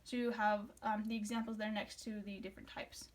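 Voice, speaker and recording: A woman's voice: mid-range voice, flat delivery, brisk. A young woman student giving a class presentation on a poem, reading a script aloud with some fillers and restarts. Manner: reads from a script, with fillers and restarts when explaining.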